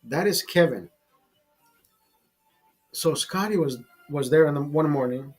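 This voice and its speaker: Husky man telling a rambling bar story. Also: fairly high pitch, a little slow, soft background music. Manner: profane, rambling anecdote with many restarts. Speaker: host. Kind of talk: casual storytelling.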